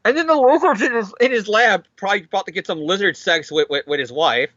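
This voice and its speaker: A man's voice: sits high, lively intonation, quick pace, a bit bright. A man co-hosting a casual comic book podcast, talking animatedly, swearing freely and mocking the characters in silly voices. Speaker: podcast co-host. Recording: dull lo-fi dry sound.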